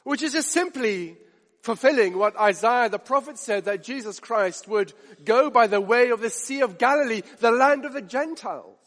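High-voiced man preaching in a reverberant hall. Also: expressive, moderate pace, a bit bright. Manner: emphatic, builds stakes with repetition and rhetorical questions. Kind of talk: sermon.

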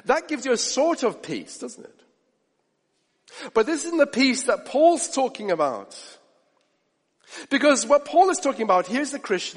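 Male preacher, animated sermon delivery with a high voice, heard in a reverberant hall. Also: unhurried, pauses often, breathy edge. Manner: animated, acts out quoted voices.

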